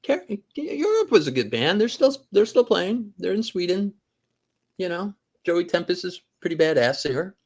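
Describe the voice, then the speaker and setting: A man's voice: sits high, very animated, moderate pace, darkish tone. A man co-hosting a casual talk show, rambling through joking anecdotes. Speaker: podcast co-host. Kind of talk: casual chat, storytelling.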